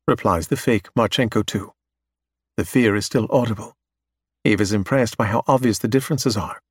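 A man reading a story aloud in steady, measured scripted narration. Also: medium pitch, no echo, studio quality.

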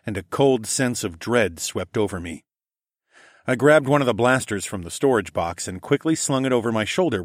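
A man narrating a first-person adventure novel in a steady storytelling read, lifting his energy for the dialogue. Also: on the low side, dry recording, clean studio sound. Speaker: audiobook narrator.

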